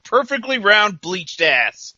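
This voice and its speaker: A man co-hosting a podcast, recapping a wrestling show in casual chat, sarcastic and quick to mock, laughing often and quoting the wrestlers in mock voices. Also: high voice, big pitch swings, sharp tone, dull audio. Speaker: podcast co-host.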